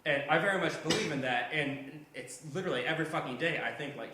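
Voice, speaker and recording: A man's voice: fairly high pitch, moderate pace, sharp tone, heavy reverb, slight background noise. A man in his twenties chatting casually on a podcast, swearing often and rambling with restarts. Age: 20s. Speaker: podcast host. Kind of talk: casual chat.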